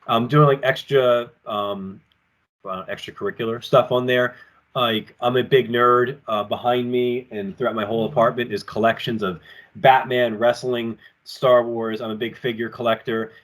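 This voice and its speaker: A male pro wrestler talking from his apartment over a remote call, mid-pitched and ordinary in tone. He tells his stories loosely and with energy, jumping between his own lines and the voices of the people in them. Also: normal speed. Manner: rambling and animated, acting out quotes. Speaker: professional wrestler, podcast guest. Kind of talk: casual storytelling in an interview. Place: home apartment with collectibles shelves.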